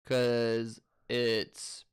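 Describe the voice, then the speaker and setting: A man's voice: mid-range voice, monotone, drawn-out words, clear, resonant tone. A young man, co-hosting a casual chat, chiming in with corrections and details and laughing easily. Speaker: co-host.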